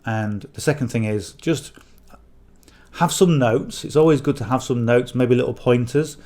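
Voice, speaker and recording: Talking casually to camera, a middle-aged affiliate marketing coach with a northern English accent gives meandering advice, regularly asking "okay?" and saying "you know." His mid-range voice has a darkish tone.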